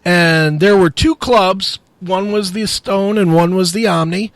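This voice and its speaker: Profane, high-voiced middle-aged man. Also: unhurried, dry recording. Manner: profane, animated storytelling. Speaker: guest, metal radio show host. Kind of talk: casual podcast chat.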